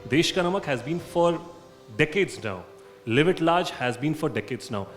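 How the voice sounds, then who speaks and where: A man's voice: a little high, lively intonation, moderate pace, soft background music. A man speaking as a marketing panelist at a conference, talking in an assertive, emphatic way.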